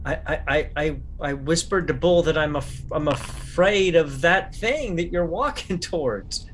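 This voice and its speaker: A man's voice: on the high side, expressive, a little slow, a bit bright, a little hiss or hum. A man voicing a nervous male writer who stammers, in a tabletop horror game.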